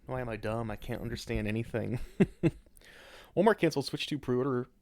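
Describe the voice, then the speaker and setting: A man's voice: mid-range voice, lively intonation, moderate pace, darkish tone. A young man hosting a podcast in a casual, rambling way, swearing and mocking himself often. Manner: rambling, self-mocking, swears and laughs a lot. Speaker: podcast host.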